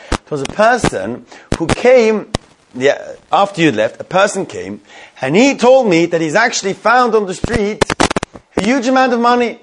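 A male teacher telling a story to a class, animated, with many restarts, stopping to quiz students. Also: on the high side, brisk, noisy background.

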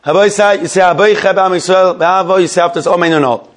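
A man with a bright, high voice leads a Torah study class. He reads a legal text aloud phrase by phrase and translates each line. He keeps the group engaged with questions and quick praise. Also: fairly even intonation.

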